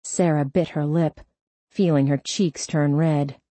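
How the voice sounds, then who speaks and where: A woman narrates a novel in a steady, even read. Her voice sits low, dark and mellow, with a husky edge. The sound is close and dry. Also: measured pace, dry recording. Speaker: audiobook narrator. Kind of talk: scripted narration.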